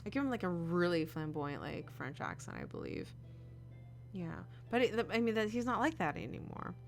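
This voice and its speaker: A woman streamer chatting casually as she plays, rambling with fillers and asides. Her voice sits a bit low but moves around a lot, with faint music underneath. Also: big pitch swings, moderate pace, vocal fry. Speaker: gameplay streamer. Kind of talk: casual let's play commentary.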